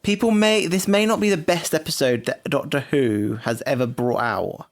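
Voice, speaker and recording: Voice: medium pitch, normal speed. A co-host in casual podcast chat, sardonic and fond of silly asides. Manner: sardonic, breaks into silly singing.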